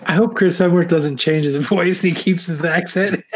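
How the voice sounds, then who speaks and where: A man's voice: high voice, fairly even intonation, normal speed, slight background noise. A man in a casual podcast chat, rambling, laughing often and swearing freely.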